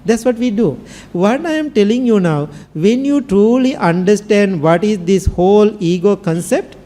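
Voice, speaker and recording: A man's voice: high-pitched, animated, normal speed, warm tone. A man with a Sri Lankan accent, a Buddhist monk giving a dharma talk and telling a story in simple English. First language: Sinhala. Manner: storytelling with simple non-native English phrasing.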